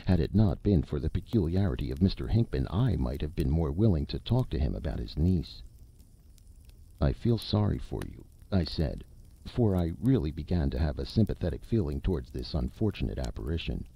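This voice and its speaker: A man reading a classic short story aloud in a measured, expressive storytelling manner. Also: very deep voice, vocal fry, husky. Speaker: audiobook reader. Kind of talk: storytelling narration. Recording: dull lo-fi recording.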